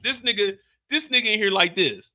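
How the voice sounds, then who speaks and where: A man hosting a live after-show stream, ranting loudly and profanely straight to his chat. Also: high voice, fairly quick, no echo, studio quality.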